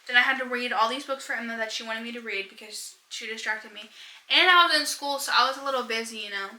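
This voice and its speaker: A woman's voice: on the high side, fast, sharp tone, reverberant, rough recording. A young woman chatting casually about books on a vlog, rambling and giggling as she goes. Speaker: book vlogger. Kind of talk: casual chat.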